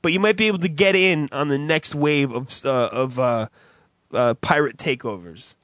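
A man's voice: on the high side, normal speed, fairly bright tone, no echo, clean studio sound. Laughing, profane man in casual chat. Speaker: podcast co-host.

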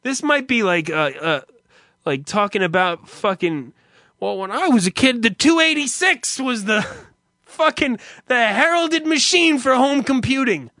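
A man's voice: extremely high pitch, expressive, a little slow, bright, forceful tone, dry recording, clean studio sound. A man hosting a stream, telling rambling, profane anecdotes in a casual monologue and laughing often. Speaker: streamer host.

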